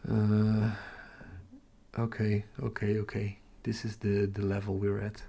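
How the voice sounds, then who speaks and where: Speaking at a measured pace in a completely flat delivery, a Dutch man from the Netherlands has a low, warm voice with vocal fry and a breathy edge. He hosts a casual astrophotography livestream, chatting through viewer comments and muttering to himself while tracking captures.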